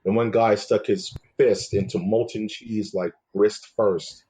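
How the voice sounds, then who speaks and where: A laid-back podcast host with a husky, somewhat low, dark voice keeps the casual chat loose and jokey, sprinkling in "man" and "dude". He speaks unhurriedly in a steady tone.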